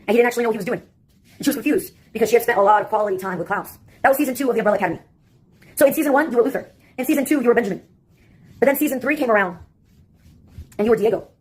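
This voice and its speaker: A woman's voice: fairly high pitch, slightly rough. A woman delivering a rambling, sarcastic comic monologue that jumps from topic to topic.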